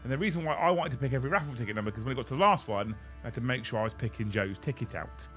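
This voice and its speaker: A man hosting a casual chat, telling an animated story and swearing freely. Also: mid-range voice, very fast, soft background music. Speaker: host.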